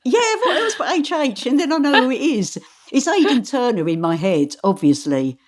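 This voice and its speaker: A woman who works as an audiobook narrator, chatting casually in an interview, animated and laughing often. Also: high voice, moderate pace, a crowd in the background.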